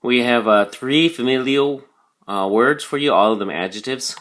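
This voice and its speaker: A man's voice: medium pitch, normal speed, fairly bright tone. A man teaching a recorded vocabulary lesson, explaining patiently with frequent ums and "okay?" check-ins.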